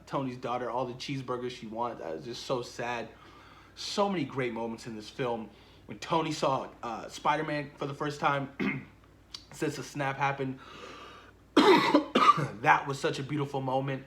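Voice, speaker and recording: A young man in a casual, gushing film review who keeps repeating himself and trails off softly at the ends of lines. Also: mid-range voice, steady tone, moderate pace, slight background noise. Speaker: movie vlogger.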